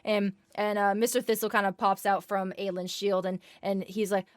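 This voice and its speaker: A woman narrates as game master of a tabletop game, often pausing and correcting herself. Her voice sits in the middle range, recorded dry and close to the mic. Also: medium pitch, flat delivery, no echo. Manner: hesitant, full of fillers and restarts.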